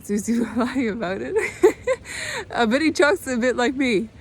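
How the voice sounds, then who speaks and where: In this video diary, a woman in her 20s with a Dutch accent talks quietly and calmly, stopping and starting again often as she hovers near tears. There's a little hiss or hum on the recording.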